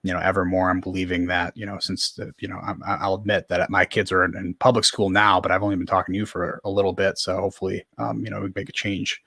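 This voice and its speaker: Podcast host, man, low pitch, earnest casual talk, dry sound. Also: level tone, fast talker, few pauses, bright, forceful tone, no echo. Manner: earnest, many fillers. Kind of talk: casual conversation.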